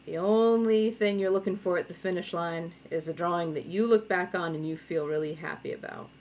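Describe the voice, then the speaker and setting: A woman in her thirties with a Rhode Island accent, a comic artist leading a relaxed draw-along from home and talking through each step. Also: fairly low pitch, fairly quick. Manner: chatty, encouraging, thinking aloud while drawing. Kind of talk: live draw-along tutorial. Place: home studio. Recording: dull lo-fi sound with faint noise.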